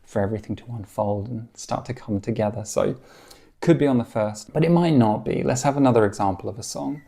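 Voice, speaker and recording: A man teaching a guitar lesson, explaining calmly and encouragingly, counting beats aloud and singing short snippets. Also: mid-range voice, fairly quick, creaky.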